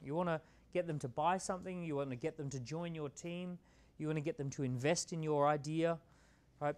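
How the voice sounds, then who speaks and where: A man giving a casual, conversational motivational talk to a live audience, often checking in with "right?". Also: a little high. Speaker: keynote speaker.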